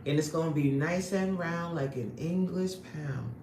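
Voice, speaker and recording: A woman's voice: deep voice, a little slow. A woman fitness coach hosting a livestream, reading the chat aloud and joking brashly in streetwise slang. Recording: echoey room with faint ambient noise.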